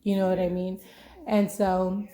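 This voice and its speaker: A woman's voice: medium pitch, level tone, unhurried, mellow. A young adult woman hosting a podcast, chatting casually in a rambling way, full of "like" and "you know". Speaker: podcast host. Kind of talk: casual chat.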